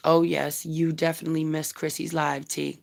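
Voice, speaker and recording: A woman's voice: low-pitched, level tone, normal speed, creaky, a little mellow, a little hiss or hum. A woman vlogger ranting bluntly and heatedly on a casual live stream, swearing freely and talking straight to her viewers. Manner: chats directly with viewers. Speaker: YouTube commentary vlogger.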